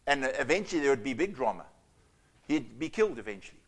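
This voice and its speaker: A man preaching a sermon, moving from loud emphatic lines to hushed, almost whispered asides. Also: medium pitch, big pitch swings, fast. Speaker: pastor.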